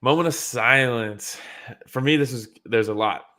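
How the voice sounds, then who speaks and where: A man co-hosting a casual fight breakdown podcast, talking excitedly, laughing often and acting out what fighters said. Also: mid-range voice, normal speed. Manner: excited, laughing, acts out quotes, swears casually. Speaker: podcast co-host.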